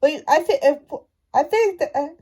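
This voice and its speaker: Brief: high-pitched woman, fan rant, halting delivery full of restarts. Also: expressive, dark tone. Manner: halting, stumbling, many restarts. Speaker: fan commentator. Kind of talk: casual rant to camera.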